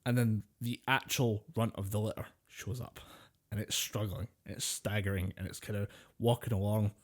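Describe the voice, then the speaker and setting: A man's voice: fairly low pitch, steady tone, moderate pace. Casual swearing man on a podcast. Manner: rambling storyteller, swears freely, laughs often. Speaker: podcast co-host.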